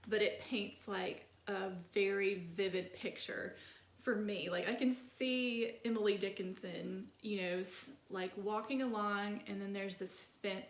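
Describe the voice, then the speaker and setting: Slow-talking woman with a gravelly edge. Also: mid-range voice, fairly even intonation, echoey room, a little hiss or hum. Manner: chatty, many "like" fillers, soft laughs. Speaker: poetry channel host. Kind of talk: casual poetry discussion.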